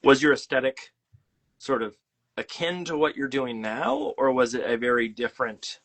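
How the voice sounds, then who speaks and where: A man's voice: mid-range voice, lively intonation, moderate pace, a bit bright. A man hosting a casual interview over a video call, rambling with many fillers and teasing his guest. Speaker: podcast host and illustrator.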